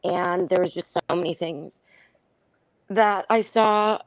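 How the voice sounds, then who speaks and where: A woman calling in as a guest on a livestream, emotional and hesitant, with many pauses. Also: on the low side, fairly even intonation, dry recording, low-quality recording. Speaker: guest caller.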